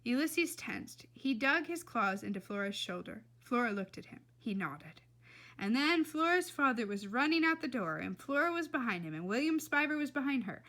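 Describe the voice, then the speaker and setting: A woman reading a children's novel aloud in a lively, expressive way. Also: fairly high pitch, normal speed. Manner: lively and expressive, laughs between passages. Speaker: reader.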